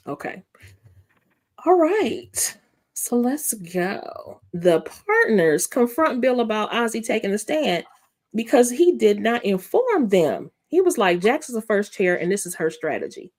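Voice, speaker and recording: A woman hosting a live panel, recapping an episode in a chatty, animated storytelling way. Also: fairly high pitch, measured pace. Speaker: panel host.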